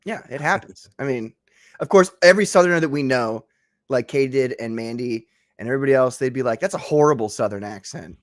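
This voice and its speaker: A man's voice: medium pitch, brisk, no echo, studio quality. A man hosting a casual live-streamed chat show, joking, laughing often and tripping over his words. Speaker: talk show host.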